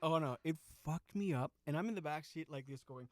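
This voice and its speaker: A man's voice: fairly high pitch, a little fast, hardly any pauses, dry recording. Profane man in his forties, dry close mic. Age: 40s. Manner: profane, laughs through his own story. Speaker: podcast host. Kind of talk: casual storytelling monologue.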